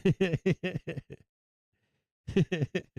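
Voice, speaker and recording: A man hosting a live stock market stream, giving brash, excitable trader banter as prices move. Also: sits high, very slow, no echo. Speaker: stock market livestream host.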